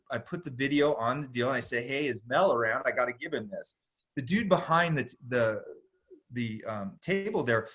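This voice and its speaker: A middle-aged man, a podcast guest, telling a long story in a casual, animated way, full of slang and "dude". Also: medium pitch. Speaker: podcast guest, jiu-jitsu instructor.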